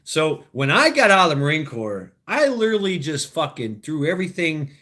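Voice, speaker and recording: A man's voice: fairly high pitch, sing-song, moderate pace, sharp tone. A man, maybe in his thirties, hosting a casual livestream, talking to his chat in a rambling, profane way and laughing at his own jokes. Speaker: livestream host.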